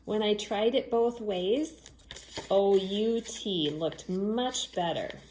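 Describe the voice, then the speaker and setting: Woman, children's phonics teacher; slow, patient delivery, echoey room. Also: mid-range voice, a little mellow, slight background noise. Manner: slow, clear, patient, spells out letters.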